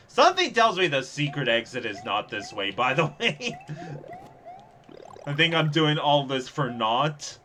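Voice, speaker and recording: A young man giving live, sarcastic gameplay commentary as he streams, reacting fast and laughing at his own mishaps. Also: fairly high pitch, big pitch swings, bright, forceful tone, a little hiss or hum. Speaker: streamer playing a level contest.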